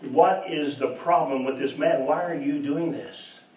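A man's voice: a little high, a little slow, pitched above the performer's own voice, lightly acted. A preacher voicing a weak, wavering male governor who pleads and gives way, recorded from a distance in an echoey room. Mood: exasperated.

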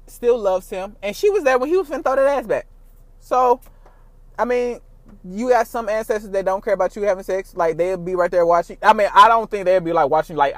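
A man with a high-pitched voice talks in a loose, unscripted monologue. He is animated and profane, jumping from loud, excited bursts to low, quiet asides. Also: no echo. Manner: animated, profane, laughs often, swings loud and soft. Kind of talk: casual monologue.

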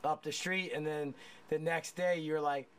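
A man's voice: a little high, fairly even intonation, unhurried, a crowd in the background. Laughing, cursing guy telling stories. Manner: profane, laughing storyteller; rambling with many restarts. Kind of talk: casual chat.

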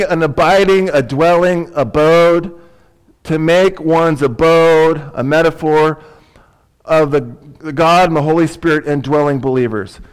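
A man preaching a sermon as pastor, conversational and emphatic, with asides and rhetorical questions. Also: on the high side.

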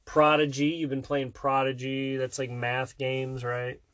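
A woman's voice: very deep voice, little pitch movement, measured pace, no echo. A woman in casual chat with her child, playful, asking lots of questions and often laughing mid-sentence.

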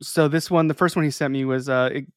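This young co-host has a mid-range voice and talks fast, captured with clean studio sound and no echo. During the casual podcast chat, his storytelling is animated and punctuated by frequent laughter.

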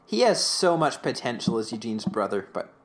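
A man's voice: mid-range voice, big pitch swings, moderate pace. Fields: Sex: man. Role: podcast co-host. Style: rambling casual chat. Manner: rambling, filler-heavy, breaks into voices for quotes. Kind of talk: casual chat recapping an episode.

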